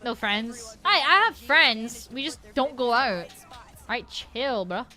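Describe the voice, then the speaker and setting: A woman streamer with a Polish accent talks casually while she plays. Her voice sits a little high, and her talk is loose and chatty, with the odd swear word and a lot of restarted sentences. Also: animated, slow pace, bright, forceful tone. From Poland.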